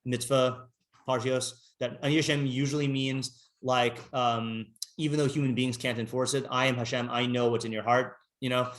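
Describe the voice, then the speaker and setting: A man teaching an informal text class, halting and rambling with many fillers, reading Hebrew passages aloud and translating them. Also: mid-range voice, level tone, a bit bright.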